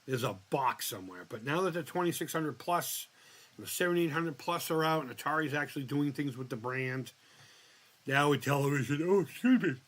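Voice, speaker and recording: A man's voice: on the high side, lively intonation, fairly quick, a bit bright. A man hosting a casual live stream, answering viewer chat, swearing freely and exclaiming in disbelief as he rambles with restarts. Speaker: livestream host reading viewer chat.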